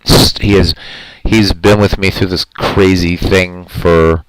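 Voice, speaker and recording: A man's voice: low-pitched, fairly even intonation, takes it slowly, background noise. A man hosting a live stream in casual chat, talking in an earnest, rambling, heartfelt way and answering his viewers' comments.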